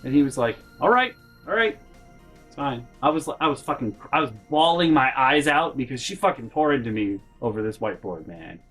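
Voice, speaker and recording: A man with a middle-pitched voice rambles through a personal story, swearing freely and restarting his sentences. His delivery is animated and casual, with faint music playing behind him. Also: brisk, few pauses. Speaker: vlogger.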